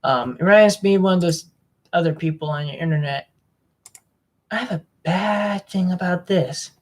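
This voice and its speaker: A young male vlogger with a high-pitched voice and moderate pace records his screen while browsing his computer. Talking to himself, he mumbles, rambles and grouses about the things he finds.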